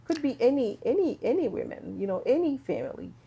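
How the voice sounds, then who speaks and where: A woman's voice: sits high, very animated, brisk, creaky, warm tone, breathy edge, lo-fi sound. A middle-aged woman from Haiti, a business owner and podcast guest, speaking earnestly and repeating words for emphasis. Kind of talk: casual podcast conversation.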